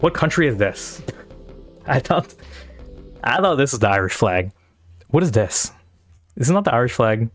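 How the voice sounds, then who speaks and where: A man's voice: mid-range voice, very animated, normal speed, pauses often, soft background music. A man streaming live, reacting bluntly and profanely while thinking aloud. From Pakistan or India. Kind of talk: casual live-stream commentary.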